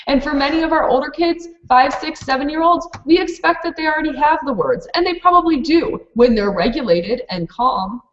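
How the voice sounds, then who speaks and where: A woman's voice: high voice, lively intonation, fairly quick, hardly any pauses, echoey room, lo-fi sound. A woman who runs a preschool program, presenting a live online training for teachers in a practical, explanatory way with many fillers and restarts.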